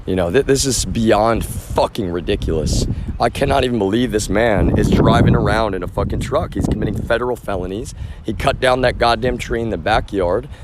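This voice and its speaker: A man's voice: on the low side, fairly quick. A man livestreaming outdoors on a street, talking in an agitated, rambling rant full of swearing and asides to viewers. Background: traffic.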